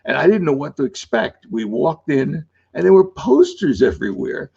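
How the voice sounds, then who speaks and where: A gravelly, husky older man spins loose, rambling anecdotes as an interview guest, chuckling between stories. His voice comes through a dull, lo-fi recording. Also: a little high, big pitch swings, moderate pace, few pauses, warm tone. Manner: rambling anecdotal, laughs often. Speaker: author guest. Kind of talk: casual interview storytelling.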